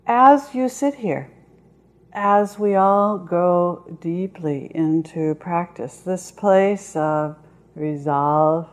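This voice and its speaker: A woman meditation teacher giving a dharma talk, speaking slowly and in a measured way, with long pauses. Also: low voice, darkish tone.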